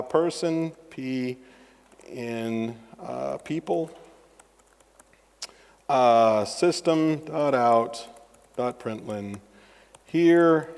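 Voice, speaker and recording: A man's voice: on the high side, smooth. A middle-aged man giving a joking live-coding tech talk as a conference speaker in a large hall. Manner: animated and joking, with asides to the audience. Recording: long reverb of a large hall.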